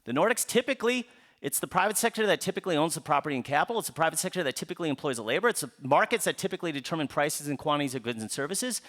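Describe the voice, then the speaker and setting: A man gives a public book talk. His voice sits somewhat high for a man and swings widely in pitch. He asks rhetorical questions and answers them himself, with playful asides aimed at the audience. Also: lively intonation, rapid-fire, fairly bright tone. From Upper Midwest United States. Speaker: author giving a book talk. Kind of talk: public lecture to a live audience.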